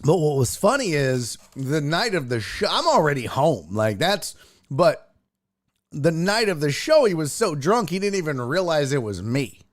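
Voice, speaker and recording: This man's voice sits fairly high and comes across as very animated, moving at a normal pace in a clean studio recording with no room sound. He hosts a casual sports and entertainment livestream, telling jokey stories and reading viewer chat out loud.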